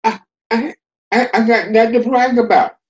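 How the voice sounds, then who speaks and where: A man voicing a small, slow male terrapin who is humble and sly, speaking in a high, wailing voice. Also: fairly even intonation, highs cut off, background noise. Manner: plaintive, wailing.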